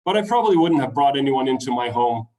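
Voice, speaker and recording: A Danish man with a Danish accent tells a travel story in a web talk, speaking fast at medium pitch. The recording is rough, picked up on a webinar computer mic. He's animated and acts out the voices of the people in his tale.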